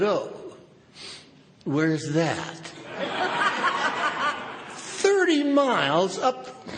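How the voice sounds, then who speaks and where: A gravelly older man tells a wry story at a recovery conference, swinging between booming outbursts and quiet asides. His voice sits a little high. The live recording carries a long hall reverb and steady noise. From Southern California. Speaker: AA speaker. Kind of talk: recovery meeting talk with humor.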